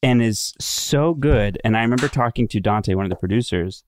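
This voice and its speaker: A man's voice: lowish voice, brisk, a little hiss or hum. A man in his thirties co-hosting a casual podcast chat, telling stories earnestly and acting out what others said. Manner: earnest storytelling, acts out quotes. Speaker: podcast co-host.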